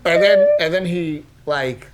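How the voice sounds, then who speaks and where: Animated, laughing man telling stories. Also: on the high side, a little slow, very noisy. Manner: animated, swears, laughs through his stories. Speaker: podcast co-host, comedian. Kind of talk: casual storytelling chat.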